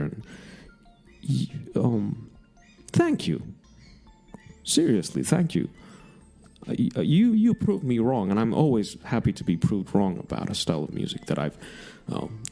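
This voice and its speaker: A man hosting an underground radio music show in casual, rambling chat between songs. His voice sits low and mellow but swings widely in pitch as he jokes and breaks off mid-thought. Faint music plays underneath. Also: creaky. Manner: rambling, self-interrupting, jokey.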